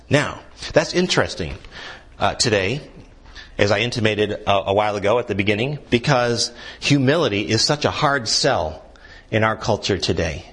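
A man's voice: lively intonation, normal speed, fairly bright tone, breathy edge. A man preaching a sermon as a guest pastor, asking the congregation questions and building to emphatic points. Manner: earnest preaching, rising in pitch and intensity when pressing a point.

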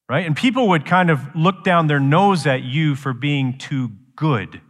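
A man preaching a sermon as pastor, shifting from quiet explanation to loud, slow, emphatic lines. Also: a little high, lively intonation, in a large hall.

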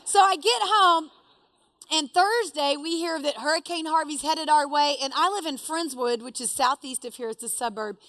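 A woman telling a personal story to a live audience, animated and self-deprecating. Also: high-pitched, normal speed, dry recording.

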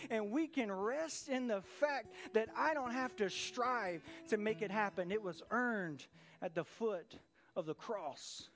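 A man's voice: high voice, lively intonation, measured pace, fairly bright tone. A man preaching a sermon to a church congregation, earnest and emphatic, repeating key phrases. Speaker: pastor. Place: church service in a room.

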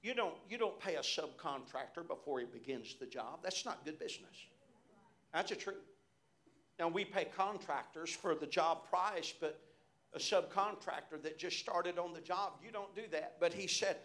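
A man's voice: fairly high pitch, normal speed, fairly bright tone. A middle-aged man preaching a sermon as pastor, telling personal stories and punctuating his phrases with repeated amens. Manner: personal storytelling from the pulpit.

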